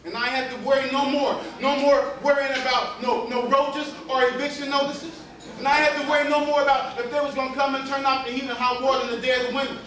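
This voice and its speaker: A man's voice: very high-pitched, level tone, fast, pushed and bright. A man telling a comic story in a live monologue, in casual, slangy speech with repeats. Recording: echoey hall from far off with audience.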